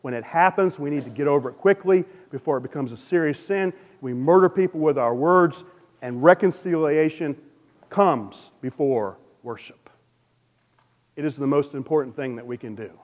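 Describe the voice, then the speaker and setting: Man, pastor, sermon, earnest, loud-to-soft swings, slightly high voice, long hall reverb. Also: moderate pace. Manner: swings between loud emphasis and soft near-whisper; earnest, personal testimony.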